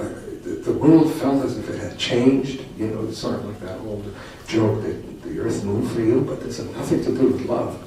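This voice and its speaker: A man's voice: on the low side, dark tone. Wry older man telling a story in an echoey hall. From Canada. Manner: reflective, wry anecdotal storytelling with frequent restarts. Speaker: poet and political commentator. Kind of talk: storytelling talk to an audience. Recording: distant mic in a very echoey hall with noise.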